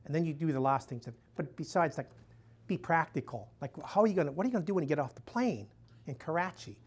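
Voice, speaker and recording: A missionary priest gives a conversational talk to a live audience, telling stories and saying "you know" often. His voice is on the high side, breathy-edged and lively in intonation, and he talks fast, raising it to act out quoted dialogue.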